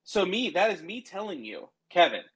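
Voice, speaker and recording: A man's voice: a little high, animated, a little fast, a crowd in the background, low-quality recording. A man co-hosting a podcast with a throat tickle and a slightly nasal sound, defensive and lecturing in a casual argument. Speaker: podcast co-host. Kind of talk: casual bickering chat. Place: remote call, own room.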